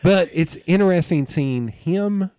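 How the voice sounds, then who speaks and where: A man hosting a casual podcast interview. He rambles excitedly from one tangent to the next. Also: high-pitched, measured pace, crowd noise. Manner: rambling, excitable storyteller who jumps between tangents. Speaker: podcast host.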